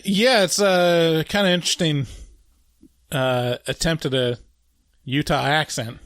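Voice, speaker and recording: A man's voice: fairly high pitch, steady tone, a little slow, fairly bright tone, no echo, clean studio sound. A man co-hosting a podcast, chatting in a wry, offhand way. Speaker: podcast co-host. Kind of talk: casual podcast chat.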